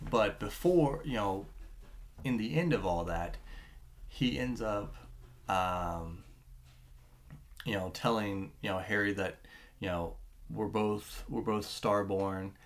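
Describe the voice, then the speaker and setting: A man recapping a book in a casual, rambling review, full of fillers and restarts and getting excited as he retells it. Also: on the low side, slow, pauses often.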